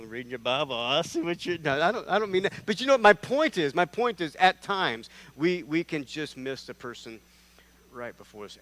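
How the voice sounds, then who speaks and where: A man preaching a sermon in a church, telling stories in a conversational, self-deprecating way and acting out the characters in them. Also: mid-range voice. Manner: animated storytelling, acting out characters with big swings in loudness. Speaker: guest preacher. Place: church sanctuary.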